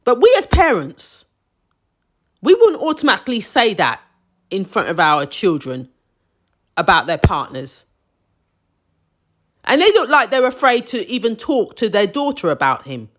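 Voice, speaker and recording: A woman talks through a TV drama in a casual, opinionated review. Her pitch rises and falls in lively swings, and she drops into emphatic, indignant asides. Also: normal speed, pauses often.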